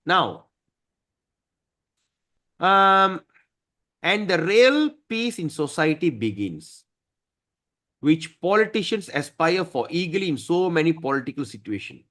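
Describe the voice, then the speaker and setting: A man teaching a devotional scripture class, emphatic and often clearing his throat. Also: fairly high pitch, a bit bright.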